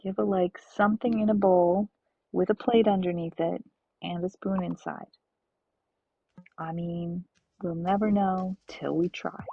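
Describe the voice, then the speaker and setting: A woman's voice: on the low side, fairly even intonation, measured pace, vocal fry, breathy edge. A woman streaming a farming game, chatting and thinking aloud to her viewers. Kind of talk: casual let's-play chat. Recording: dull lo-fi stream audio.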